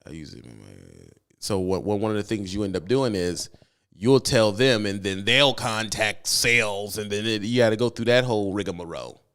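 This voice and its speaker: A man's voice: on the low side, normal speed, fairly bright tone, clean tone. A man, a truck driver, rants casually on his own channel, emphatic and repeating himself for effect. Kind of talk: casual vlog rant.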